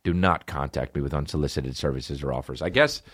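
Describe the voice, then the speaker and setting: A man's voice: extremely low pitch, brisk, dry recording. A male comedian hosting a podcast, chatting casually in a rambling, sarcastic and profane way.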